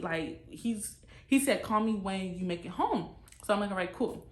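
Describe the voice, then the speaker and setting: A woman telling a storytime to camera in a casual, animated, slangy way, talking straight to her viewers. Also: medium pitch, brisk. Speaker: storytime vlogger. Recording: echoey room.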